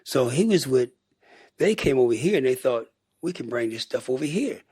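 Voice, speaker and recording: A slightly rough, mid-range voice comes through clean and dry at a moderate pace. The speaker is an older American musician from Michigan, a guest in a casual interview, telling rambling stories and animatedly performing what people said.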